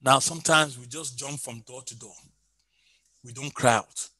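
A man's voice: mid-range voice, steady tone, moderate pace, bright, forceful tone, husky, no echo, rough recording. A man preaching a sermon with emphasis, repeating his key phrases and rising into sung lines.

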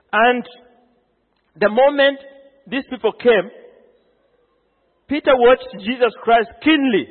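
A man preaching a sermon, telling the story with animated energy and acting out the quoted lines. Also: very high voice. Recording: phone-like sound in a long-reverb hall.

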